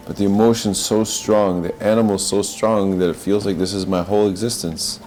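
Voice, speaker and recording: A man with a very low voice delivers a reflective spiritual talk. He speaks earnestly and searchingly, circling back over his own phrases. A faint noise sits under the recording. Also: steady tone, normal speed, few pauses, a little mellow, poor audio. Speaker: podcast host.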